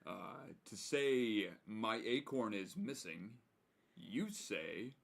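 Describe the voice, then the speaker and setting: A man with a lowish voice chats on a livestream with a dry, unhurried manner. He reads jokes aloud in a deadpan way. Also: creaky. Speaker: livestream co-host. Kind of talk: casual livestream chat.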